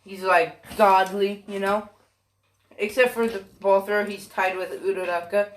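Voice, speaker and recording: Fan storyteller, rambling, profane, self-correcting, filler-heavy, slow, mid-pitched. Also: little pitch movement.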